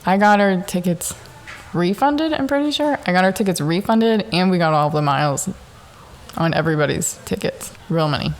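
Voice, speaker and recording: Profane, animated young woman telling stories. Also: fairly low pitch, moderate pace. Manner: profane, animated, laughs often. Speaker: podcast host. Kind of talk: casual solo podcast storytelling. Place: Southern California home.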